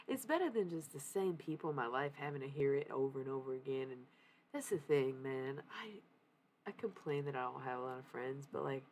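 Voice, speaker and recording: A woman's voice: a bass voice, slight background noise. A young woman livestreaming, talking candidly in a casual confessional way, swearing freely and laughing often.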